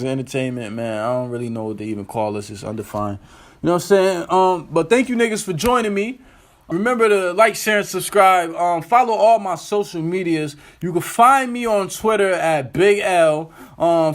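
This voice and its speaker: A man hosting his own web talk show, ranting in an animated, incredulous, slangy and profane way. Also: on the high side. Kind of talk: casual solo commentary rant.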